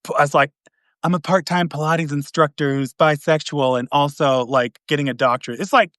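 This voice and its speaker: A man hosting a podcast, telling a long dating story in a casual, animated way, acting out the quotes with big swings in pitch and volume. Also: fairly quick, no room sound, studio quality. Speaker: podcast host.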